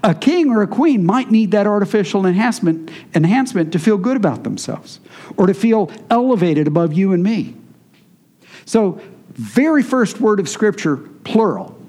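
A man's voice: sits high, sing-song, moderate pace, darkish tone. A man preaching a sermon, teaching in a conversational way and answering his congregation. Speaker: pastor.

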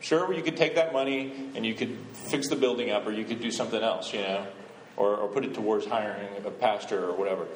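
A man's voice: lowish voice, fairly quick, roomy sound, slight background noise, rough recording. A man giving a conversational sermon as a visiting missionary speaker, often asking the congregation questions. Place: church.

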